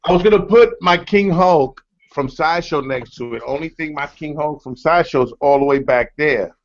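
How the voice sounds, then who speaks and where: A man's voice: a little high, normal speed. A man from New York chatting casually on a group call, loose and repetitive, tossing "bro" into most sentences. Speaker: collector on a group video chat. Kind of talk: casual chat. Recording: dull lo-fi web call audio.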